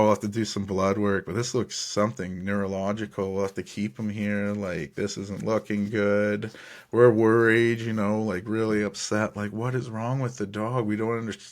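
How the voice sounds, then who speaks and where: Laid-back lower-voiced podcast host. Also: male voice. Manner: laid-back, chatty storytelling with fillers and chuckles. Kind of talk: casual solo sports podcast.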